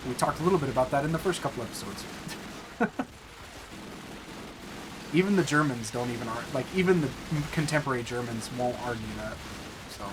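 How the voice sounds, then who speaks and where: A man's voice: mid-range voice, animated, fairly quick, pauses often, background noise. A young man hosting a casual let's play, chatting and joking with viewers, with bursts of frustration. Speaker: gaming channel host.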